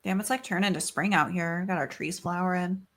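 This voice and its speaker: A woman's voice: brisk, a bit bright. A woman co-hosting a podcast, chatting casually and giggling often. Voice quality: high-pitched. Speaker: podcast co-host. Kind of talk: casual chat. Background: kids' bedtime evening chat over drinks.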